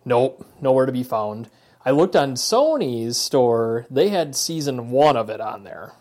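A man's voice: mid-range voice, very animated, a little slow, a little mellow. A man in his thirties co-hosting a podcast, telling a rambling story in casual chat with lots of fillers. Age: 30s. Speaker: podcast co-host.

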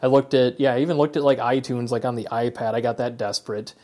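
A man's voice: medium pitch, steady tone, fast, dark tone. A man in his thirties co-hosting a podcast, telling a rambling story in casual chat with lots of fillers. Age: 30s. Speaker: podcast co-host.

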